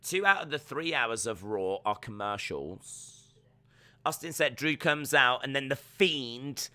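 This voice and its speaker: Chatty streamer, bright tone, dry mic, reads chat and riffs on the show. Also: male voice, medium pitch, no room sound. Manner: joking, rambling, reads viewer comments aloud. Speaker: watch-along streamer. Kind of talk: live reaction stream, reading chat.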